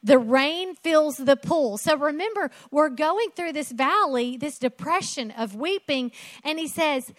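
High-voiced emphatic woman preacher. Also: expressive, a little slow, no echo. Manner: emphatic, rhetorical questions, repeating phrases. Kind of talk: sermon.

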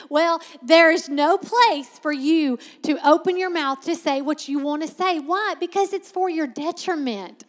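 A woman preaching a sermon as a Bible teacher, conversational but emphatic and slowing sharply to stress key words. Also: high voice, long reverb tail.

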